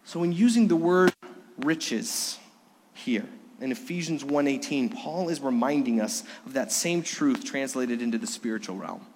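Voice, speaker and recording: A middle-aged man preaching a Sunday sermon, earnest and dynamic. His voice sits a little high and rises in emphasis, then drops to a hush. The sanctuary gives it a long, ringing reverb. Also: breathy edge. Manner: earnest, swings from loud to hushed. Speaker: pastor. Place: church sanctuary during a worship service.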